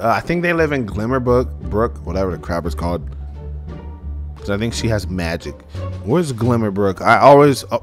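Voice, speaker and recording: Excitable young man doing game commentary. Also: medium pitch. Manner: excitable, animated, talks to viewers as "y'all". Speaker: gaming channel host. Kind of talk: casual let's-play commentary.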